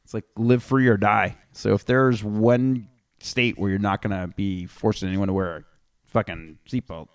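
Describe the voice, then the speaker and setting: A man's voice: on the low side, steady tone, normal speed, darkish tone, clear, resonant tone, dry recording, studio quality. A man hosting a casual podcast, reading out statistics with offhand jokes. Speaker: podcast host.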